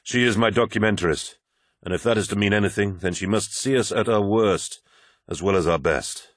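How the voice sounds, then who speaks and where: A weary, wounded male warlord, voiced by a male narrator speaks with grave authority in a deep, low register. His tone stays heavy and commanding. The recording is dry and close, like a studio audiobook. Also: brisk, dry recording, close to an everyday voice.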